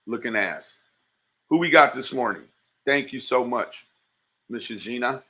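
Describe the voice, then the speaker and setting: A man runs a livestream and heckles a clip, firing off profane insults in a bright, forceful voice. His delivery is mocking and blunt. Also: medium pitch, lively intonation, a little slow, pauses often. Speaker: livestream commentator. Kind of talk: profane reaction commentary.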